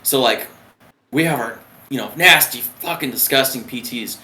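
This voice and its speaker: A man, a retired submariner, telling a story in a casual, profane and animated way. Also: mid-range voice, moderate pace. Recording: roomy echo.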